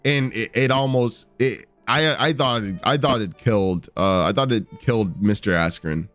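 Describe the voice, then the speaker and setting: A man's voice: on the low side, normal speed, a bit bright, soft background music. A man giving rambling, profane casual commentary, full of fillers and restarts. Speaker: podcast host.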